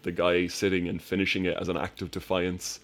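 Male co-host, lower-pitched voice, lively storyteller in a casual film chat. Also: brisk. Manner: animated storyteller, acts out film scenes with laughter.

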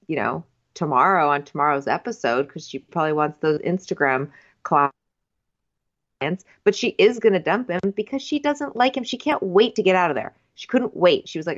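Lively woman on a dull lo-fi mic. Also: low-pitched. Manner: playful, acts out quotes. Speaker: podcast co-host. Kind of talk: comedic recap chat.

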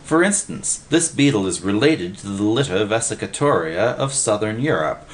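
A man's voice: on the low side, animated, normal speed, close to an everyday voice. A man voicing a well-read, lecturing male vagrant in a storybook reading. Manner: precise, lecturing, bossy.

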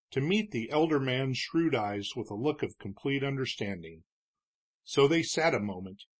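A man's voice: mid-range voice, husky. Man reading a novel aloud. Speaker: audiobook narrator. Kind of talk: scripted narration of a western novel.

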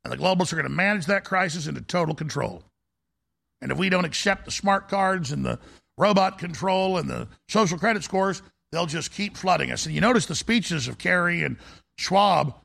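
Gravelly, high-voiced ranting male host. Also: lively intonation, a little fast. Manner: intense, forceful, conspiratorial. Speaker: talk show host. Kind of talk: ranting monologue.

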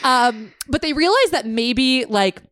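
A young woman co-hosts a podcast, chatting casually and rambling with plenty of fillers and frequent laughter. Her voice sits high and sounds expressive, unhurried and fairly bright. The recording is dry and studio quality.

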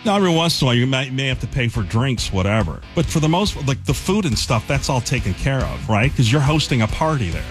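A man hosting a morning radio show, telling a story in a casual, animated way with plenty of fillers. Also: medium pitch, fast, hardly any pauses, soft background music. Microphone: studio microphone.

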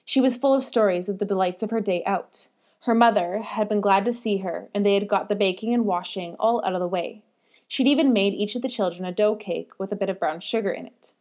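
A woman reads a classic novel aloud as an audiobook narrator. Her delivery is measured and storytelling, her pitch sitting in the middle range. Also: darkish tone.

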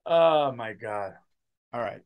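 Man, comedian host, tired, rambling, profane, animated, mid-range voice. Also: medium pitch, slow pace, smooth, dry recording, muffled recording. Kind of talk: rambling solo comedy podcast.

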